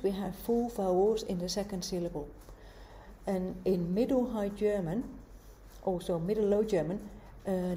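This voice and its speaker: A woman giving a university lecture, explaining in a measured way and asking rhetorical questions. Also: mid-range voice, warm tone, a little hiss or hum.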